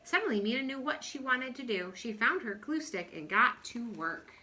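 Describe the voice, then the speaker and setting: Bright-voiced woman reading a kids' story. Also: fairly high pitch, moderate pace. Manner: friendly, expressive read-aloud with asides. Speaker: story reader. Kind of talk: reading a picture book aloud.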